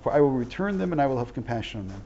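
A man's voice: mid-range voice, big pitch swings, rapid-fire, mellow, a little hiss or hum. A middle-aged man teaching a text-study lesson, who reads Hebrew text aloud and translates it line by line, with earnest explanations and repeated false starts. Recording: dull lo-fi recording.

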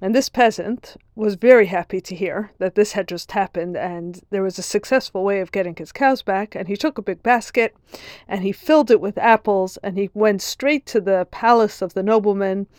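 A woman's voice: medium pitch, no room sound, clean studio sound. A woman giving an earnest religious lesson, telling a parable in a storytelling manner. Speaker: Torah teacher.

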